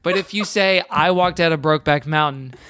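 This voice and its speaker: A man's voice: a little high, brisk, fairly bright tone, clean tone, no echo, studio quality. A man in his thirties from the Houston suburbs, hosting a podcast and telling rambling stories that keep circling back on themselves. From Houston suburbs, Texas. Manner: rambling, self-correcting storyteller. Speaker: podcast host. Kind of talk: casual chat.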